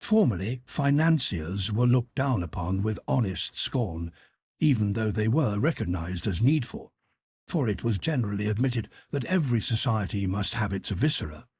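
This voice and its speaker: Male audiobook narrator with a husky tone and a dry, close sound. Measured, deliberate essay reading. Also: fairly low pitch, expressive, a little mellow, dry recording. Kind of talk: scripted narration of a philosophical essay.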